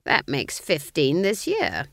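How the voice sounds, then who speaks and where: A woman's voice: low voice, wildly swooping pitch, takes it slowly, vocal fry, no echo, clean studio sound, full character voice. A woman voicing a proud older witch who speaks curtly and disapprovingly. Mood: stern. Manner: curt, disapproving.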